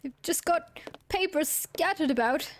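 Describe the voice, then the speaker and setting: A woman's voice: high voice, unhurried, a little hiss or hum. A young woman streaming a detective game, playful and giggly, joking to her chat. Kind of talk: casual live-stream commentary.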